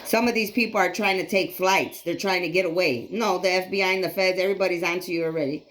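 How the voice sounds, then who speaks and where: A psychic reader in her late forties gives a spiritual tarot reading that's emphatic, repetitive, preachy and casually profane. Her voice is lowish and a bit bright, and she speaks fast.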